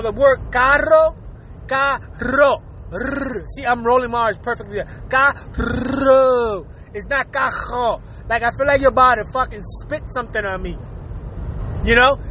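A man from Puerto Rico rants in a casual, profane monologue, fast and loose, laughing between lines. His voice sits unusually high for a man. Faint traffic hums behind him. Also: pushed and bright, rough recording. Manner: fast-talking, swearing, laughing often.

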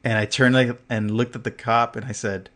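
A man's voice: medium pitch, little pitch movement, normal speed, a bit bright. A man co-hosting a podcast, telling a story in casual chat, full of fillers, swearing and laughter, acting out what others said. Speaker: podcast co-host.

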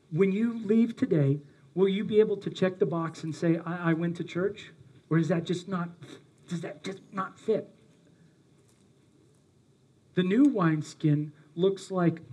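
A man's voice: sits high, dark tone, slightly rough. A male pastor preaching a sermon, earnest and emphatic, speaking directly to his congregation.

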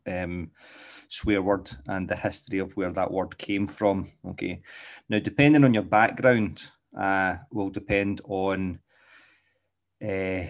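A middle-aged Glaswegian man and dog trainer, talking in a casual, rambling monologue and often checking in with "okay?". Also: deep voice. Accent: Glaswegian Scottish. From Scotland.

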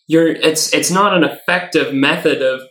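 A man's voice: on the high side, moderate pace, sharp tone. A man playing in a tabletop game, reasoning things through hesitantly with fillers. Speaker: player. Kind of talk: casual tabletop game chat. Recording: roomy, from a distant mic.

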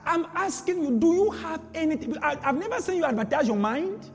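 A male preacher with a strikingly high, lively voice, driving home his points with repetition and rhetorical questions. He is heard in a hall with a long reverb, with faint music underneath. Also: fairly quick. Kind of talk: sermon.

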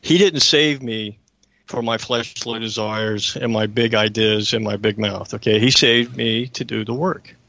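A man's voice: fairly low pitch, fairly even intonation, unhurried, bright, forceful tone. A man hosting a talk radio show, telling a personal story in an earnest, emphatic way and often checking in with his listeners.

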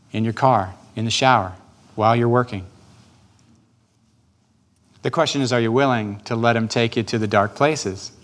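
A man preaching as a pastor, gently and patiently coaching listeners through a guided prayer and repeating his questions. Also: medium pitch.

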